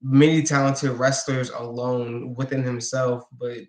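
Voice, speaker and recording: A man's voice: medium pitch, level tone, unhurried. A man being interviewed as a guest, talking enthusiastically and restarting his sentences often. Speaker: guest, pro wrestler. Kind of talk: casual interview chat. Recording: echoey room.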